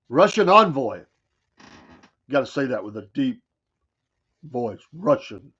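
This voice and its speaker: A man's voice: medium pitch, sing-song, takes it slowly, pauses often, fairly bright tone, breathy edge, lo-fi sound. A man with a Southern American accent hosting a morning talk show, riffing in a folksy, wry way with mocking asides. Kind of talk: casual talk radio monologue.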